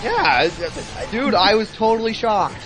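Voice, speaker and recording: A man's voice: high voice, sing-song, a little slow, over music. A man co-hosting a let's play, making sarcastic jokes and teasing his friend. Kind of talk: casual gameplay commentary.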